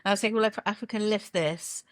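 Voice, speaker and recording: A woman's voice: medium pitch, quick pace, no echo. A woman, a podcast guest chatting casually and acting out the lines she quotes. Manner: chatty storyteller, acts out quotes, laughs often. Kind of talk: casual interview chat.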